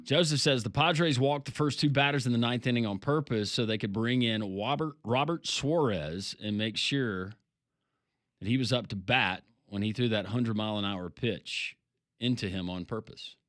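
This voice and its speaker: A man's voice: mid-range voice, normal speed, no room sound. Dry-sounding male radio co-host. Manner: relaxed, reads texts aloud. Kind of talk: casual sports talk, reading listener texts. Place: radio studio.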